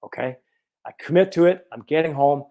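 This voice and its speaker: A chiropractor in his fifties telling a personal story in an animated, earnest way. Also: a little high, a little fast. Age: 50s.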